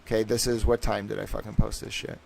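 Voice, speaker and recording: A man rants in a loose livestream monologue, his voice gravelly and rough at the edges. He swears freely and talks with cocky self-assurance. He rambles from thought to thought with plenty of fillers and restarts. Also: lowish voice, level tone, fast talker, darkish tone. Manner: restless, with many fillers and restarts. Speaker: streamer and citizen investigator.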